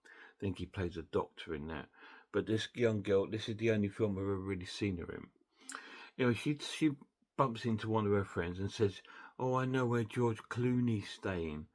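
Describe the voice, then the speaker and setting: A man with a fairly low voice talks through a film's plot in a loose, chatty way. He rambles, restarts his sentences and fills gaps with fillers as he goes. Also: darkish tone. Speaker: film reviewer. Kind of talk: casual film recap.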